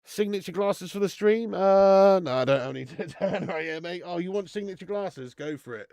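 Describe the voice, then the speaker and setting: A middle-aged man, chatting excitably through a live football watch-along, swearing and bantering with his viewers. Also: sits high, normal speed, dry recording.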